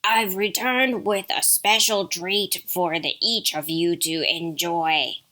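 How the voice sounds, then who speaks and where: A woman voicing a sly male wolf in a storybook who coaxes slowly and sweetly to pass as a mother goat. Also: lowish voice, fairly even intonation, bright, forceful tone. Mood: coaxing.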